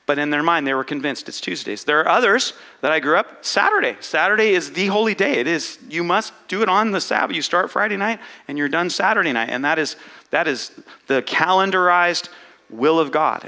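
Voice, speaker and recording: A man preaching a conversational sermon as pastor, animated, with self-mocking asides and playful back-and-forth with his own thoughts. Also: a little high. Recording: long hall reverb.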